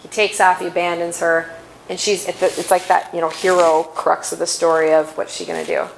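A woman giving a faith-based inspirational talk at a conference, chatty and quick to laugh, often correcting herself mid-sentence. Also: fairly low pitch, little pitch movement, vocal fry, slight background noise, poor audio. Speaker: conference speaker.

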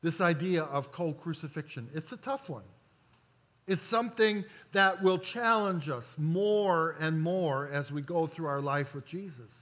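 Man, pastor, sermon, high voice, slow deliberate delivery, emphatic pauses. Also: a bit bright. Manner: deliberate preaching with emphatic pauses and slowed key words; corrects himself mid-sentence.

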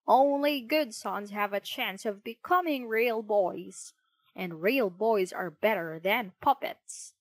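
A woman's voice: mid-range voice, slow, no room sound. A woman voicing a bossy, preachy male cricket in a storybook reading, lecturing and cheeky.

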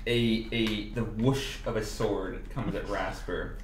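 A man tells what his character does in a tabletop game, in an unhurried, casual way. His speech is slow and mid-pitched. The room sounds echoey, with faint noise behind. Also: fairly even intonation. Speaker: player. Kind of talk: describing his character's actions.

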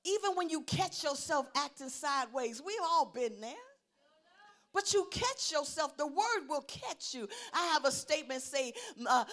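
A middle-aged woman pastor preaching a sermon, swinging from loud declarations to low, quiet asides and calling out for responses. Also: expressive, measured pace.

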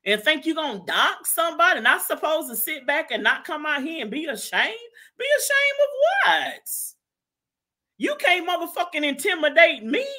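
A woman's voice: sits high, pushed and bright. A woman hosting a live stream, ranting in a brash, profane way and laughing as she goes. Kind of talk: heated live-stream rant.

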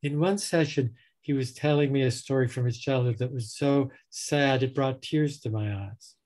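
A man's voice: medium pitch, moderate pace, darkish tone. Dry-humored male therapist on a video call. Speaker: psychotherapist guest. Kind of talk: explaining with clinical anecdotes.

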